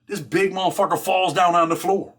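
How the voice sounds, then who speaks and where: A man's voice: high-pitched, fairly even intonation, brisk, fairly bright tone. A middle-aged man telling a jailhouse story in street slang, filling his talk with "man" and "right?". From Rochester, New York. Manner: streetwise slang, constant "man" and "right?", acts out others' lines. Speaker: podcast host telling prison stories. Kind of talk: casual storytelling monologue.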